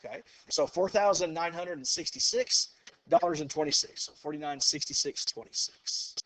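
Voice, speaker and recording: A teacher with a slightly high voice, calling out "okay" often. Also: male voice, normal speed. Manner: relaxed, says "okay" and "go ahead" often, quizzes the class. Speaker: math teacher. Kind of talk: classroom lecture. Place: classroom with students.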